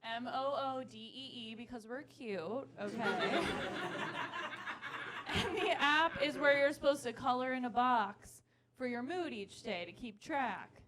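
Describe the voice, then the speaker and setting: A woman's voice: fairly high pitch, measured pace, slight background noise. A young woman performing a self-deprecating stand-up set on a comedy club stage into a handheld mic. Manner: self-deprecating, animated, laughing between lines. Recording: club recording with crowd laughter. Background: audience laughter.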